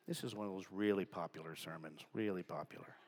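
A man preaching a sermon to a congregation, dropping to hushed whispers and rising to loud, emphatic passages. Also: low voice, fast. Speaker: pastor. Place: large church with balcony. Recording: long hall reverb.

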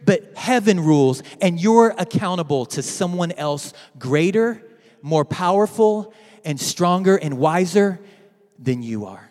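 A man preaching a sermon to his church, dramatic and swinging from loud to hushed. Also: high voice, animated, a little slow, long reverb tail. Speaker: pastor.

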